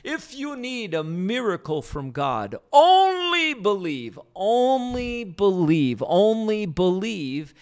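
A man imitating a fervent older male evangelist in a rising, drawn-out preaching cadence. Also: high voice, big pitch swings, clean tone, pitched above the performer's own voice, exaggerated voice.

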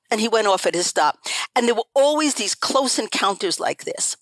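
A woman's voice: a little high, expressive, normal speed, dry recording, rough recording. An older woman, a guest on an interview show, telling her family story in an earnest, emphatic way that repeats phrases for stress. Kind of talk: conversational storytelling.

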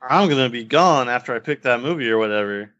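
A man trading dry, deadpan lines on a comedy podcast. He speaks in a flat, unbothered way. The recording is dull and lo-fi. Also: medium pitch, fast, no echo. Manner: dry, deadpan, impatient to leave. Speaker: podcast co-host.

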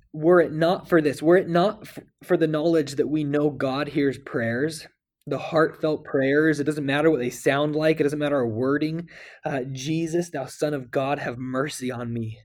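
A man speaking as a guest, earnestly and emotionally, with halting restarts as he reflects on scripture and tells a personal story. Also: a little high, steady tone, a little mellow. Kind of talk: heartfelt scripture discussion.

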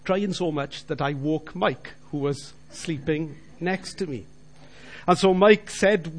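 Middle-aged man, slightly high voice, earnest testimony speaker addressing the congregation directly. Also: unhurried. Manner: earnest storytelling, direct appeals to listeners. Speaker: Christian businessman giving testimony. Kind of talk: personal faith testimony.

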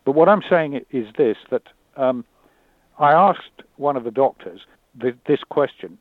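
A man talking candidly and thoughtfully, often pausing and repeating words as he searches for them. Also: mid-range voice, no echo. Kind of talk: candid conversation. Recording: dry tinny phone-like line.

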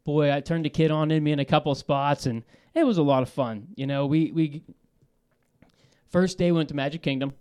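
A man calling in to a talk show, telling a story in a lively, laughing way, swearing and restarting his sentences. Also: on the high side, a little fast, clear, resonant tone. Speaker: caller. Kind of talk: casual storytelling.

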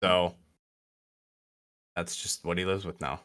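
A man's voice: deep voice, steady tone, takes it slowly, a bit bright, clear, resonant tone, dry recording, clean studio sound. A man with a Midwestern American accent, co-hosting a casual book podcast and rambling through his thoughts with many restarts. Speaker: podcast co-host.

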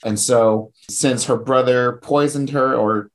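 A man's voice: medium pitch, steady tone, slow pace. A man in casual conversation, recapping a comic book plot with frequent laughs and quoted bits of dialogue. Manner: chatty, laughs often, retells with quoted dialogue.

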